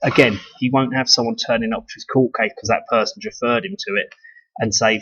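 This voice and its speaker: A man's voice: medium pitch, brisk, fairly bright tone, slightly rough. A man from the United Kingdom talking casually in a rambling monologue, swearing and restarting his sentences. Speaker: video blogger. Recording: dull lo-fi sound.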